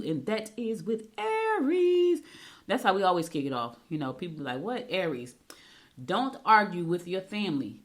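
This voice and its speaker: A middle-aged woman hosting a horoscope segment, giving chatty advice and telling quick storytelling asides. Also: on the low side. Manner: talks fast when excited. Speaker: radio show host. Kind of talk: casual horoscope segment with chat.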